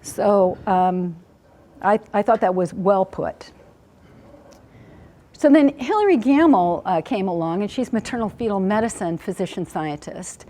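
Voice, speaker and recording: A woman's voice: medium pitch, expressive, measured pace, dark tone. A woman researcher giving an academic lecture, explaining ideas in a conversational way with everyday analogies.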